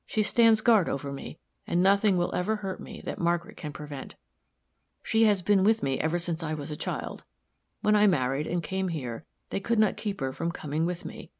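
A woman reading the part of a tired, gentle wealthy wife in a soft, weary voice. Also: on the low side. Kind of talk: audiobook character reading.

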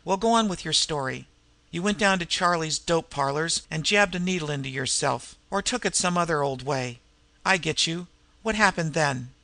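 A man's voice: on the high side, normal speed, creaky, dry recording. A man voicing an irritable male crook boss who snaps and half-screams in a storybook reading. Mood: gruff. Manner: sharp, snapping, belligerent.

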